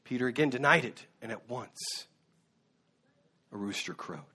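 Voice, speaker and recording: A man's voice: mid-range voice, animated, measured pace, sharp tone, husky. A man preaching a sermon as a pastor, earnest, with occasional fillers and restarts. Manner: earnest, with fillers and self-corrections.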